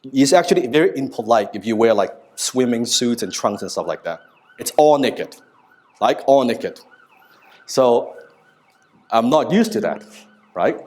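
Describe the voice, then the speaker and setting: A man in his thirties giving a live business seminar, telling stories in an animated, casual way with frequent asides and some swearing. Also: mid-range voice. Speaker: business speaker. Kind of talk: live seminar talk to an audience.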